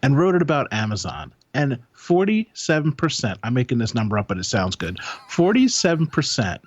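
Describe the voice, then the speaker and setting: A man's voice: medium pitch, big pitch swings, a little fast, breathy edge, dry recording. Male podcast co-host, casual and jokey, dry and a little dull-sounding. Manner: joking, rambling, sarcastic. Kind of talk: casual chat.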